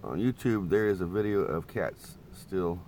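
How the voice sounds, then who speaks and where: A man's voice: sits low, moderate pace, darkish tone, a little hiss or hum. Folksy, rambling man chatting in a camper van. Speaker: vlogger. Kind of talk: casual live-stream chat. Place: inside a parked camper van, wind outside.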